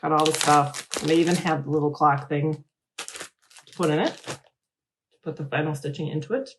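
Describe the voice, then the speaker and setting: A middle-aged woman hosting a casual crafting show, chatting in a rambling, animated way. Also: low voice, normal speed, slight background noise. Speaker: host. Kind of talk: casual chat.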